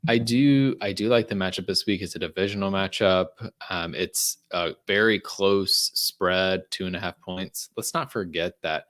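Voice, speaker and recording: A man's voice: deep voice, moderate pace, hardly any pauses, fairly bright tone. A man casually breaking down fantasy football picks as a show regular, with lots of ums and the odd dry sarcastic aside. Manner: chatty, frequent ums and restarts, dry sarcasm. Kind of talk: casual podcast chat.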